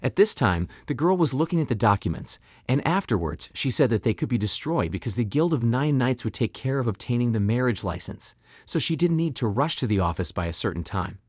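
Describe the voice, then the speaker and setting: A man reading a scripted story recap in an even, steady third-person telling. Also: medium pitch, brisk, no room sound, clean studio sound. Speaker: recap narrator. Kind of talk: scripted narration.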